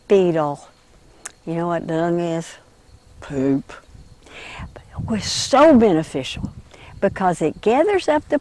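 Animated woman leading kids through a story. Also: mid-range voice. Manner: animated, slows and drops to a hush for gentle moments. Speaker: educator leading a children's story activity. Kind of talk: interactive storytelling with movement for children.

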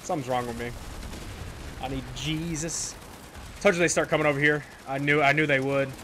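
A man's voice: on the high side, steady tone, brisk, background noise. A man casually commenting on his own online shooter gameplay, rambling and self-mocking, often repeating himself. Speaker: gaming channel host. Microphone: desk microphone in a squeaky chair. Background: faint game gunfire.

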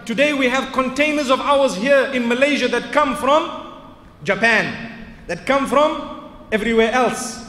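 A man's voice: extremely high pitch, unhurried, sharp tone. A man preaching in a mosque, telling stories with rhetorical questions and rising to emphatic outbursts. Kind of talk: lecture in a mosque. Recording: echoey hall with long reverb.

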